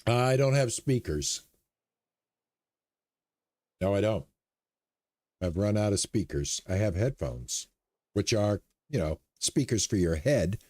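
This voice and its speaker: A man's voice: lowish voice, slow pace, pauses often, no echo. A man streaming a shop game live, talking through his moves and chatting with viewers. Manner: relaxed, chats with viewers between game remarks. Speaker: gaming streamer. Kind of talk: live stream commentary while playing.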